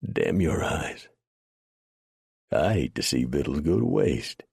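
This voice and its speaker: A bitter, dying outlaw gasps out every word in a faint voice, as a male narrator puts him on. The voice is very deep and gravelly, and the recording is dry and close. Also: sing-song, slow pace, a little mellow, dry recording, exaggerated voice. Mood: gasping bitter. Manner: gasping, faint.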